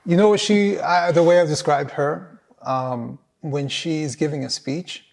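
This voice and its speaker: A man's voice: fairly high pitch, measured pace, gravelly, a little mellow. A man, a writer hosting a casual conversation, talking in a reflective, wry way. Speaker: host, writer.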